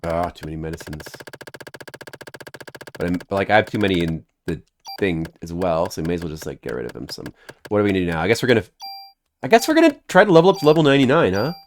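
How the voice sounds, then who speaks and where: A man's voice: low-pitched, big pitch swings, fast talker, pauses often, slight background noise. A man streaming a video game who rambles in a goofy, joking way and talks to his chat. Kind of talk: casual game-stream chatter.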